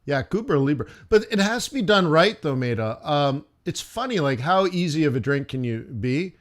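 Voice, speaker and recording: A man's voice: on the high side, animated, normal speed. A man hosting a live trading stream, talking in a rambling, chatty way and checking in with his viewers. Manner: rambling, chatty, lots of "like" and "right?". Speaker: forex trading stream host. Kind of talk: casual live-stream chat.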